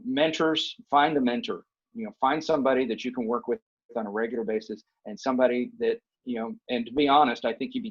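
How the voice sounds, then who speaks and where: Man, husky voice, earnest and emphatic, asks "okay?" a lot, muffled lo-fi sound. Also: medium pitch. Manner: earnest, emphatic, often checks in with "okay?" and "right?". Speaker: guest, university director of bands. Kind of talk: conversational advice.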